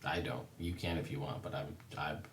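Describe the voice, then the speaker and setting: A man playing a tabletop game, talking through his character's moves in a relaxed, laid-back way. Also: a bass voice, brisk, echoey room, a little hiss or hum. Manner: laid-back, describing actions step by step. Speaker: player. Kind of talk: casual tabletop play.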